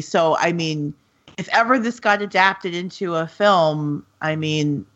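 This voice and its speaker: A woman's voice: low voice, fairly bright tone, lo-fi sound. A woman co-hosting a casual podcast chat, talking with many ums and easy laughter. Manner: chatty, hesitant with frequent ums, laughs easily. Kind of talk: casual chat about films and books.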